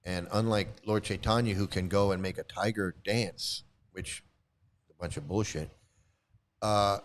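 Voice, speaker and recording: A man's voice: low-pitched, fairly even intonation, moderate pace. A man giving critical commentary, sarcastic and swearing, now and then mocking other voices. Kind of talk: critical commentary on read-out quotes.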